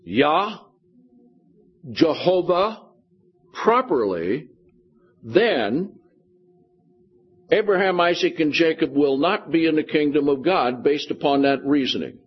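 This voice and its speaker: Husky man teaching a Bible study. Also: on the high side, lively intonation, slow pace, long pauses, highs cut off. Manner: explains scripture verse by verse, often checks in with "Okay?". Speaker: pastor.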